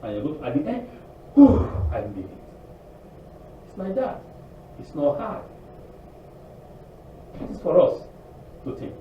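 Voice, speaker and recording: A man preaching a sermon in an animated, pleading way, acting out quotes. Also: a little high, measured pace, pauses often, distant mic, slight background noise. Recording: tinny echoey room recording from afar.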